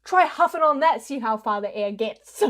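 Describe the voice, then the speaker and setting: A woman's voice: fairly high pitch, animated, normal speed, fairly bright tone. A young woman with a New Zealand accent, streaming a guessing game in casual commentary, jokey, swearing freely and slipping into mock rants.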